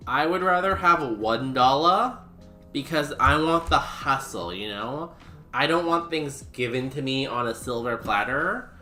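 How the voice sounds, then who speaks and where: A man streaming a game offers casual commentary in a sharp, mid-range voice, full of goofy, self-mocking humor. The recording has a roomy echo with music playing behind.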